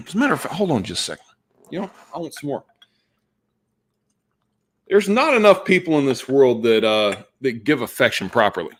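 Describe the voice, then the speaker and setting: A man's voice: medium pitch, big pitch swings, normal speed, pauses often. Rambling male live-streamer, casual chat. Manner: rambling, repeats himself, warm and effusive. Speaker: fragrance influencer streaming live. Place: home room lined with fragrance bottles.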